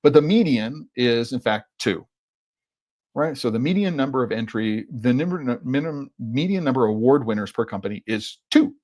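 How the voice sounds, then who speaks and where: A man's voice: medium pitch, animated, normal speed, darkish tone. A man hosting a solo podcast, thinking aloud in a rambling, exasperated way with lots of fillers. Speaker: podcast host. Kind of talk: casual solo podcast commentary.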